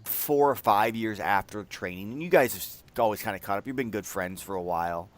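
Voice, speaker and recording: Man, game master, lowish voice, hesitant, filler-heavy. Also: a little fast. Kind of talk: narrating a tabletop game.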